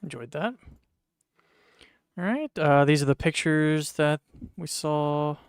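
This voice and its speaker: A man's voice: a little high, slow pace, smooth, no room sound, clean studio sound. A man hosting a reaction video, commenting casually and laughing at what he watches.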